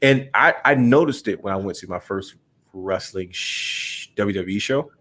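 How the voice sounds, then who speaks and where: A young man with a fairly low voice co-hosts a casual podcast chat. He tells long stories in a relaxed, rambling way and calls his co-host bro. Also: normal speed.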